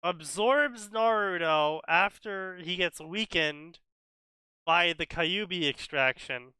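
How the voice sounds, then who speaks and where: Bright, sarcastic young-sounding man. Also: sits high, slow pace, clean tone, no room sound. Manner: sarcastic, reads summaries aloud in a mocking tone. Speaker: co-host reading fanfiction summaries. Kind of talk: casual commentary stream.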